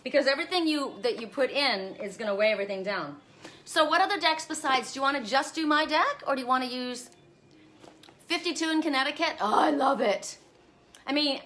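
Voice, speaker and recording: A woman's voice: fairly high pitch, bright, forceful tone. A middle-aged woman chatting to viewers on a live stream from outdoors, rambling and friendly as she reads oracle cards. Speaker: oracle card reader hosting a live stream. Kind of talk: casual live-stream chat. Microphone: phone camera.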